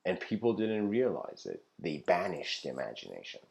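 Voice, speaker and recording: A man's voice: low-pitched, huge pitch swings, moderate pace, gravelly, darkish tone. A man giving an informal philosophy lecture, rambling and laughing often, acting out the voices in his stories.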